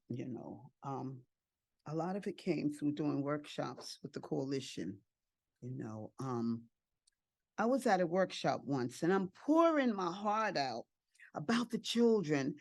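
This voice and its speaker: A woman's voice: fairly low pitch, no room sound. An older woman, an adoptive and foster parent, telling her story emotionally at a family support event, with repeated phrases and acted-out quotes.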